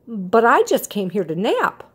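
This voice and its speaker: An earnest, drowsy pup from a picture book, as a grandmother reads him aloud. He talks politely and simply, in a lightly breathy voice that swings up and down. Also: fairly high pitch, wildly swooping pitch, measured pace, exaggerated voice. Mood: sleepy, polite. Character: sleepy, earnest young male dog.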